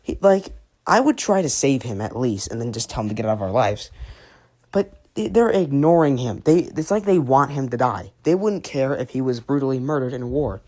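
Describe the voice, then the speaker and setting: A woman's voice: very deep voice, lively intonation, normal speed, darkish tone. A woman giving a rambling, profane review, ranting angrily with many fillers. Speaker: cartoon reviewer. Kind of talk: ranting commentary.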